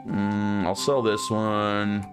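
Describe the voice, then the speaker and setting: Male streamer, casual game commentary, chatty, low voice, faint music behind. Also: monotone, very slow. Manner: chatty, musing aloud to chat.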